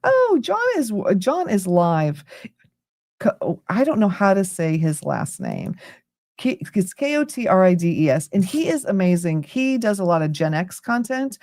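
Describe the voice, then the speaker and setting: A woman's voice: mid-range voice, sing-song, measured pace, a little mellow, dry recording, clean studio sound. Tired, rambling American woman livestreaming. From United States. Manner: chatty, rambling, easily sidetracked. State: tired, yawning. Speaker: livestream host. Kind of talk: casual late-night livestream chat.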